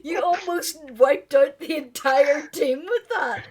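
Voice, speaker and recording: A woman's voice: high-pitched, slow. A woman playing a tabletop game, chatting after the session with exasperated, emphatic reactions.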